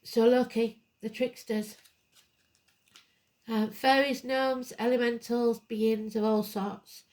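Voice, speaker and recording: A woman's voice: on the high side, steady tone, slow, pauses often, darkish tone. A woman giving a live tarot card reading, blunt and emphatic, drifting into rambling asides. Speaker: tarot reader.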